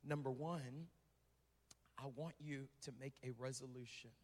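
A man's voice: mid-range voice, fairly even intonation, unhurried. A male pastor delivering a sermon in a conversational way, repeating phrases for emphasis. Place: church sanctuary. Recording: reverberant hall with music behind.

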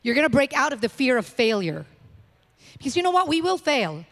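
High-voiced woman preaching in a reverberant church. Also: big pitch swings, brisk. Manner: emphatic, repeating phrases, declaring to the congregation. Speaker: pastor. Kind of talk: sermon. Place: church sanctuary. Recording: long reverb of a church hall.

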